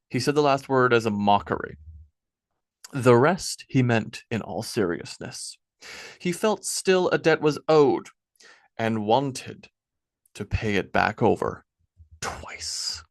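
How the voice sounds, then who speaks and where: A man's voice: mid-range voice, slow pace. Man reading his own novel aloud. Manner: relaxed, chatty asides. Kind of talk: audiobook narration and casual afterword.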